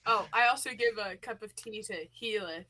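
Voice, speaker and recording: A woman's voice: medium pitch, moderate pace, pushed and bright. A woman playing a tabletop game, playful and teasing. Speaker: player. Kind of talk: casual tabletop play.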